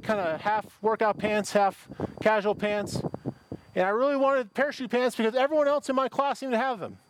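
A man's voice: sits high, no echo. A middle-aged man from Michigan, preaching a sermon as pastor in a conversational, anecdotal way, often restarting his sentences.

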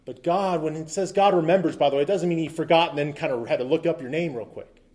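Mellow-voiced pastor preaching. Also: male voice, a little high, fast. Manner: conversational preaching with asides and quips; reads scripture aloud with emphasis. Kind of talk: sermon.

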